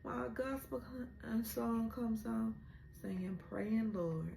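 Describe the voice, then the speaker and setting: Slow-talking emotional woman recapping a show. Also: on the high side, gravelly, warm tone, echoey room, a little hiss or hum. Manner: emotional, retelling scenes with rising exclamations. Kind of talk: casual episode recap.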